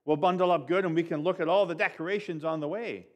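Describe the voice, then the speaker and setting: A man voicing an eager, pleading young boy in a read-aloud story, with high, loud outbursts. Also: quick pace, lightly acted.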